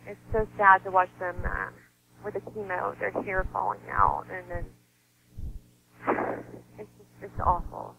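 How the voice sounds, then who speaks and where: A woman guest speaking in a soft, heartfelt way in a conversational interview, with sighs and small laughs. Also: mid-range voice, sing-song, measured pace, gravelly. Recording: slightly dull sound with faint noise.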